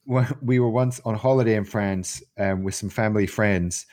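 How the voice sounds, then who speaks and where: A man's voice: lowish voice, normal speed, darkish tone. A man co-hosting a casual podcast, joking, swearing and acting out voices as he tells stories. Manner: swearing, jokey, acts out voices in his stories. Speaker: podcast co-host. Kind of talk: casual chat.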